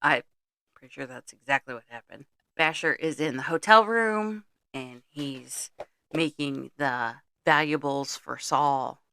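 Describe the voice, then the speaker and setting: A woman's voice: a bass voice, measured pace, pushed and bright, a little hiss or hum. A middle-aged woman co-hosting a podcast, recapping a movie's plot in blunt casual chat and swearing freely. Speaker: podcast co-host.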